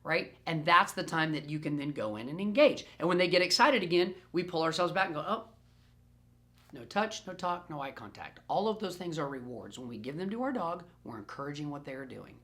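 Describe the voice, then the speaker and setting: A dog trainer answers questions in a recorded group session, animated and playful, repeating phrases for emphasis. His pitch is fairly high and he talks quickly with few pauses, captured on a self-recorded camera.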